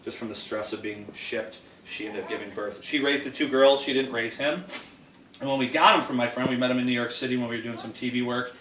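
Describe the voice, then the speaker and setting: A man's voice: medium pitch, fast talker, a bit bright. A middle-aged man, an animal handler, telling jokey stories and laughing as he talks about an animal indoors at home. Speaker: exotic animal handler and educator. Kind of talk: casual storytelling while handling an animal. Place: indoors in a house. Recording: roomy, distant home video with background noise.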